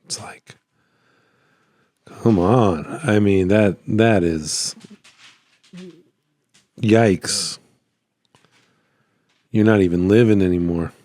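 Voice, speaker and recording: A man vlogging about his small business in a rambling, relaxed way, his voice a little worn. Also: low-pitched, extremely slow, pauses often, dry recording. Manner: rambling, relaxed, lots of fillers and restarts. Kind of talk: casual talking-head vlog. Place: at home by his computer. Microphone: phone.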